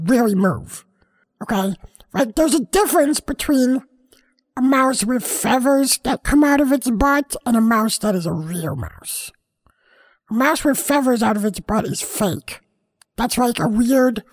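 A woman voicing a house cat who rambles on earnestly, keeps losing her train of thought and interrupts herself, in a comic monologue. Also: high-pitched. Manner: meandering, self-interrupting, playfully earnest.

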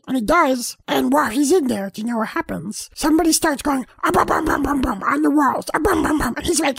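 A woman with a high, bright voice recaps a horror film in a rambling, goofy way, jumping into silly character voices and sound effects. The sound is close and dry. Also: lively intonation, brisk, creaky, few pauses, dry recording. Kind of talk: comedic retelling with silly voices.

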